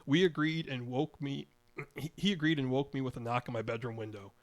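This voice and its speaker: A man's voice: mid-range voice, a little fast. Older man chuckling through a memoir. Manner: chuckles through his own story, wry. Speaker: podcast storyteller. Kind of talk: reading a personal memoir story.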